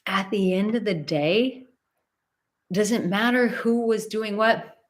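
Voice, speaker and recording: A woman's voice: mid-range voice, slow pace. A woman in her thirties hosting a live advice stream, speaking bluntly and with animation, often acting out other people's words. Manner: blunt and animated, acts out quoted voices, swears. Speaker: relationship advice host.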